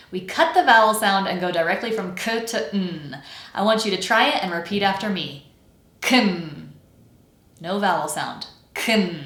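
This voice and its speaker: A woman's voice: medium pitch, a bit bright. American woman teaching pronunciation, roomy sound. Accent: General American. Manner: clear and instructive, slowly models example words. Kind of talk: scripted teaching lesson.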